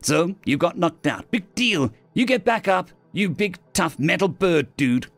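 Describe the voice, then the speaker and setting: A man's voice: sits high, very animated, measured pace, a bit bright, faint music behind, voice pushed up, exaggerated voice. A man voicing a brash, foul-mouthed small woman general who talks bluntly and scolds. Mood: scolding.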